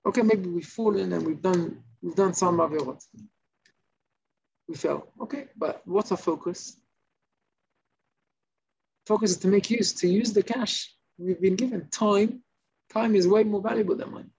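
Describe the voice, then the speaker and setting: A male rabbi giving an informal Torah class, telling stories and acting out the shouting characters. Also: high voice, moderate pace, creaky, pauses often, breathy edge. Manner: animated storytelling, acts out shouting characters. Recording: slightly muffled recording with faint noise.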